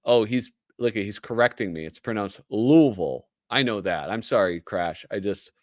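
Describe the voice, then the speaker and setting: A man's voice: on the low side, moderate pace, no room sound, studio quality. A man with a Midwestern American accent, hosting a casual livestream, chatty and joking as he reads aloud. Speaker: host.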